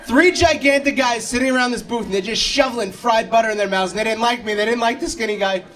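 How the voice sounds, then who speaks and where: A man's voice: very high voice, fast talker, crowd noise. A man in his thirties from New York doing a stand-up comedy set with brash, self-deprecating punchlines. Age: 30s. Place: comedy club stage. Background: audience laughter.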